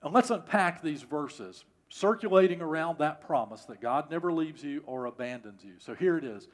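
A man's voice: a little high, expressive, normal speed. A middle-aged male pastor preaching a sermon, emphatic and repeating key phrases for stress.

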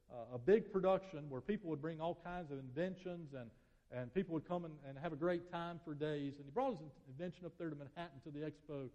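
A male pastor preaching a sermon, telling a story and leading prayer, swinging from loud emphatic peaks to soft hushed appeals. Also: high voice. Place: church sanctuary. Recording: dull sound, long hall reverb.

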